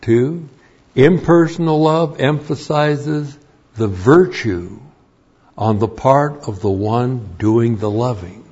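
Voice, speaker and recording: A man teaching a Bible lesson as a sermon, slow and deliberate, repeating key phrases for emphasis. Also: medium pitch, a little mellow, husky. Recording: dull lo-fi recording.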